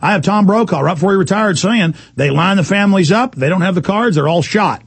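A man hosting a call-in radio show, ranting fast and indignantly and mocking officials in put-on voices. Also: high voice, husky, no echo. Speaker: radio talk show host.

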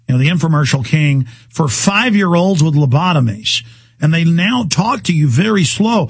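A man's voice: on the high side, animated, normal speed, creaky, husky, dry recording. A man hosting a talk radio show, speaking in a rambling, heated monologue. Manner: rambling, heated, mimics voices in quotes.

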